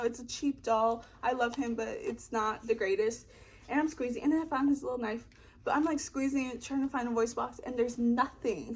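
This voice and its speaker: A young woman vlogging from her apartment, telling a story casually, rambling and swearing freely. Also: on the high side. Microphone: camera in front of her.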